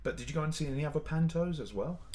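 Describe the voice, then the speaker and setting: A man's voice: fairly high pitch, expressive, rapid-fire, a little mellow. A man hosting a podcast, asking questions in a casual interview. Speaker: podcast host.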